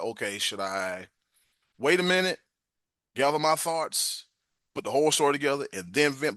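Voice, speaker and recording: Forceful bright-voiced male podcast host. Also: medium pitch, no echo, clean studio sound. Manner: stumbles over the reading, then animated and emphatic. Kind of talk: reading a self-help text aloud, then casual venting talk.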